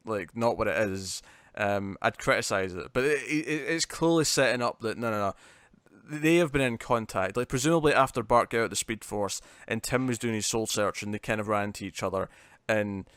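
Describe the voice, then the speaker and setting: A man's voice: on the low side, fairly bright tone, smooth, no room sound, studio quality. A man co-hosting a podcast, chatting casually and rambling with frequent fillers and restarts. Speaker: podcast co-host. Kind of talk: casual chat.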